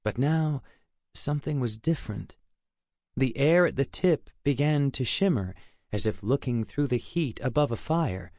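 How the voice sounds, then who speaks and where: A male audiobook narrator reads in a steady, measured way, with a voice of ordinary pitch for a man. He is recorded on a close studio mic, and the sound is dry with no room echo.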